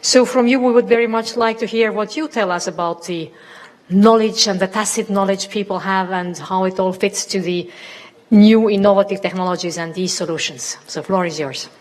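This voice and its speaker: A woman's voice: medium pitch, moderate pace, darkish tone. A woman moderating a business forum panel, introducing speakers in a chatty way with fillers and light asides. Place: conference hall. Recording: long reverb of a large hall.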